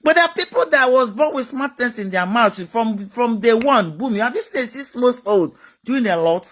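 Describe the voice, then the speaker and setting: A woman's voice: fairly high pitch, animated, moderate pace. A woman giving a motivational talk, emphatic and repetitive, full of rhetorical questions. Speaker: motivational speaker.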